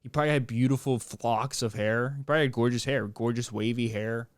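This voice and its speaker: A man's voice: medium pitch, fairly even intonation, fairly quick, no room sound, studio quality. A young man hosting a podcast in a casual, rambling monologue, joking and restarting his sentences. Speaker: podcast host.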